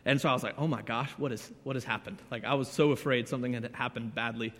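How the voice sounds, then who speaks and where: A man, preaching a sermon as a youth pastor, earnest and emotional, swinging between loud and hushed. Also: mid-range voice, steady tone, fast. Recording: church hall with long reverb.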